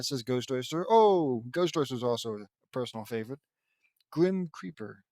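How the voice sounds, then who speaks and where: Expressive and at a normal speed, this medium-pitched man reads fan fiction aloud casually with no room sound. After voicing the story's battle cries, he stops to crack jokes and laugh at the writing, offering running commentary as he goes.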